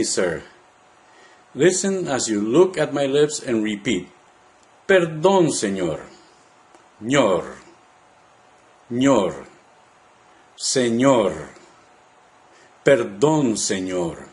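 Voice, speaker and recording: A man teaching a language lesson, saying words slowly and part by part for the listener to repeat. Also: a little high. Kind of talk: slow, deliberate language lesson.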